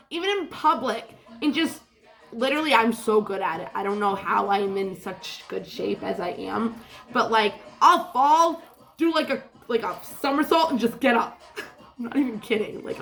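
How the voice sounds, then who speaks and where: A woman's voice: fairly high pitch, animated, moderate pace, gravelly, a bit bright. A woman telling a rambling story in a casual vlog, laughing often and swearing freely. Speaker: vlogger.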